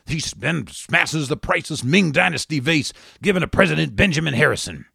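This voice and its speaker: Sardonic guy hosting a talk show, raspy and gravelly, bright and punchy, dry mic. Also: fairly high pitch, animated, brisk, few pauses, dry recording. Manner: sardonic, mocking asides. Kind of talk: satirical radio commentary.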